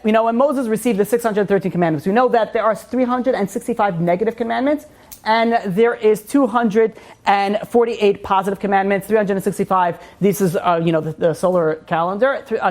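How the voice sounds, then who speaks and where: A man, a rabbi, giving an informal Torah class as an animated storyteller who fills his talk with "you know". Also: sits high.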